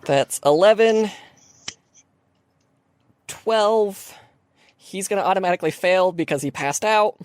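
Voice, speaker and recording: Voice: mid-range voice, measured pace, long pauses, smooth, no room sound. A person running a tabletop game as dungeon master, narrating the action with lots of fillers. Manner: lively scene narration with many fillers.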